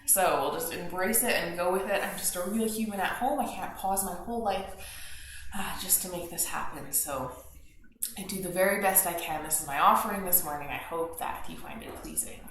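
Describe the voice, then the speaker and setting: A woman guiding a gentle yoga class from her home studio, calm and soothing, with chatty asides. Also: on the low side, a little fast. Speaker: yoga teacher. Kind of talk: guided yoga class instruction. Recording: very echoey home room with faint household noise. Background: household noise, TV news and dishwasher.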